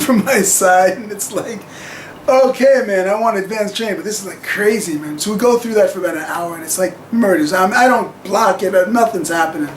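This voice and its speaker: A man's voice: sits high, reverberant, slight background noise, rough recording. A man telling a personal story to camera in a rambling, chuckling way with plenty of fillers.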